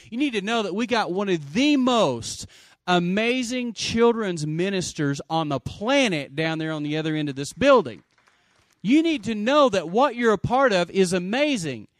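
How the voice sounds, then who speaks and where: Man, pastor preaching a sermon, calls for amens, loud bursts and soft asides, slightly high voice. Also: no echo, clean studio sound. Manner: animated preaching, swinging from loud exclamations to quiet asides; calls for audience response.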